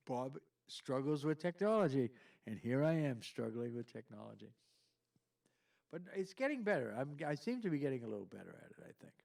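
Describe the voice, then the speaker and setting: Middle-aged guy rambling on his home stream, dark mellow voice, bit of fry, kinda self-deprecating. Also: medium pitch, very animated, moderate pace, pauses often. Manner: rambling, self-deprecating, reads viewer chat aloud. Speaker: host of a live stream. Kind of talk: casual live-stream chat. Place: home studio.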